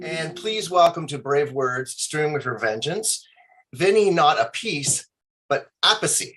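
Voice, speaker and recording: An enthusiastic male interviewer whose voice moves up and down a great deal. He sits slightly high for a man. He asks his questions with eager energy. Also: lively intonation, a little slow, a bit bright. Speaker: interviewer host.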